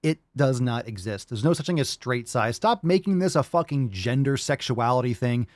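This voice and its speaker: A man's voice: medium pitch, animated, normal speed, darkish tone, no echo, studio quality. Brash, profane man ranting. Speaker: podcast host. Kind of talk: ranting reaction commentary.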